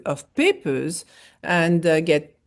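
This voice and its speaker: A middle-aged woman from France with a French accent, telling her story in an interview with many pauses and restarts. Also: deep voice, big pitch swings. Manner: halting, many fillers and restarts. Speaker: foundation founder, guest. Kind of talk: interview conversation.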